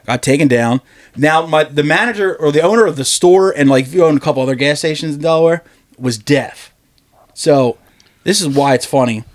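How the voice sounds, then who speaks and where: A man's voice: on the high side, a little fast. A man telling a long story in casual podcast chat, loose and profane, laughing often as he goes.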